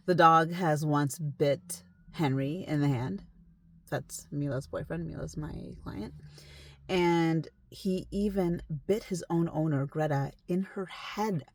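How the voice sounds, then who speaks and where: A woman's voice: low voice, slow, no room sound. A young adult woman telling a story in a casual, emphatic, conversational way. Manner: conversational, emphatic, sometimes hushed. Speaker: esthetician telling a client's story.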